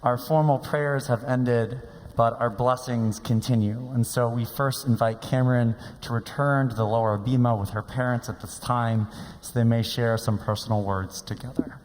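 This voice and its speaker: A man leading a worship service, reciting prayers in a steady, measured way, then inviting a family forward. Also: mid-range voice, a little hiss or hum. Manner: steady, even, measured delivery. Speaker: rabbi. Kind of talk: chanted liturgy and service leading. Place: large sanctuary. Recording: long reverb of a large hall.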